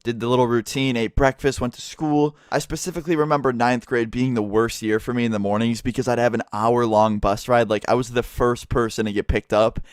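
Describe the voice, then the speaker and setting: Fast-talking young man telling a story. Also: medium pitch, dry recording, clean studio sound. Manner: casual, swears a lot, exasperated. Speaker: vlogger. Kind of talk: storytime vlog.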